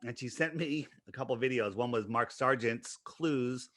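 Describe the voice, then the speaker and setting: A man as an interview guest, explaining his views in conversation and pressing his points with rapid-fire rhetorical questions. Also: mid-range voice, lively intonation, fairly bright tone, no echo.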